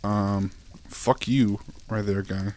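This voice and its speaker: A man's voice: lowish voice, fairly even intonation, slow pace, darkish tone. A young man commenting on his own gameplay, laughing often, swearing and pleading with the game. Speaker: gaming YouTuber. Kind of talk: let's play commentary.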